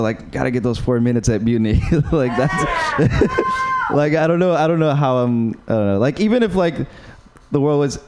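Rambling young comic from Uruguay. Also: male voice, mid-range voice, darkish tone, smooth. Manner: rambling, halting delivery full of "like" and self-deprecating laughs. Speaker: stand-up comedian. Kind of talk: stand-up set at an open mic.

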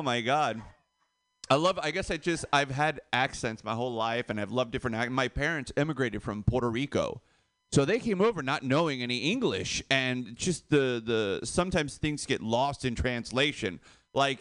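A man doing a stand-up comedy set, animated and laughing at his own jokes. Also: mid-range voice, normal speed, no echo, clean studio sound.

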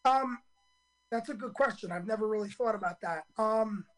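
A hoarse man in his fifties, a stand-up comedian telling his story in a radio interview, earnest and full of ums and restarts. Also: high voice, normal speed, rough recording.

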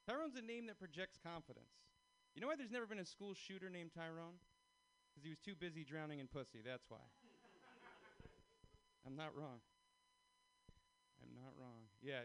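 A young man performs a stand-up comedy set, his voice sitting a little high. He talks animatedly and jumps into other people's lines as he tells his stories. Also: fairly bright tone, low-quality recording.

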